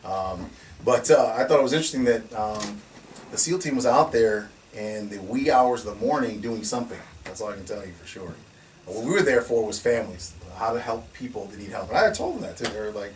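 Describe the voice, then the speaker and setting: A man telling stories in a casual conversation as the founder of a security company, animated and laughing, often restarting and acting out what people said. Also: fairly low pitch, brisk. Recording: distant mic with faint noise.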